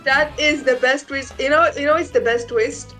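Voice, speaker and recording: A woman chatting in an animated, joking way while playing a story game with friends. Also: high voice, normal speed, soft background music. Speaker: co-host, game player. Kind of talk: casual let's-play chat.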